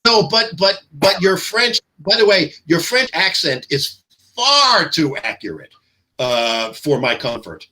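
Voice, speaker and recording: A man's voice: fairly high pitch, big pitch swings, slow pace, pushed and bright. A man hosting a casual political chat, combative and profane, getting heated as he argues. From New York. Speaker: host.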